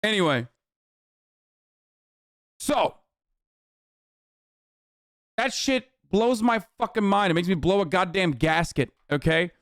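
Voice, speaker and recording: A man's voice: sits high, slow pace, pauses often, fairly bright tone, smooth, no echo. A man streaming reaction commentary, ranting in a heated, profane and sarcastic way into a close mic. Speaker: live streamer.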